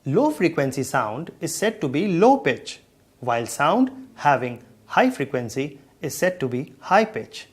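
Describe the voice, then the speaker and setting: A man's voice: a little high, very animated, measured pace, husky. A man patiently explaining sound waves in a scripted educational dialogue. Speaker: science explainer.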